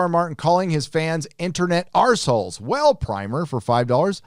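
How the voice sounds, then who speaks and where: A man's voice: a little high, lively intonation, normal speed, few pauses, smooth, dry recording, soft background music. A man hosting a live stream, reading viewer donations aloud and answering them with joking, profane, rambling asides. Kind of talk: casual live-stream chat.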